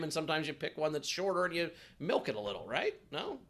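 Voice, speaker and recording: A man's voice: a little high, huge pitch swings, fast, fairly bright tone. A man, a guest stand-up comic, telling rambling stories over a video call and laughing through them. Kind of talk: animated anecdote telling.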